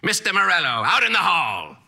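A man's voice: sits high, wildly swooping pitch, fairly quick, creaky, sharp tone, pitched above the performer's own voice, exaggerated voice. A man voicing an old, eccentric male Latin teacher who is blunt and theatrical, with a haughty, exclaiming drawl. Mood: scolding.

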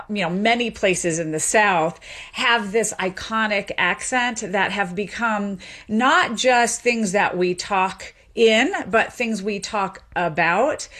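A woman in her thirties from the American South, a linguist guest explaining things in a lively, articulate way. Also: medium pitch. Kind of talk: interview, expert explanation.

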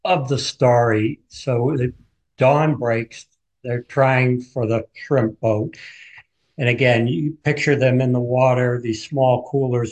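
A man appears as an author in a radio interview, retelling events vividly like a storyteller. His voice sits at a middle pitch and sounds a little mellow.

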